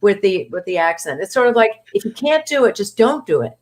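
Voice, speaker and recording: A woman from New England talking as a voice actor guest in a casual interview, chatty and animated, laughing often. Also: medium pitch, a little fast.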